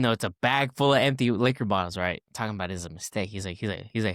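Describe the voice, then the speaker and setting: A man's voice: fairly low pitch, fast talker, few pauses, a bit bright, no echo, clean studio sound. A man in his twenties, a podcast guest, telling a casual story and acting out the people in it with many fillers and restarts.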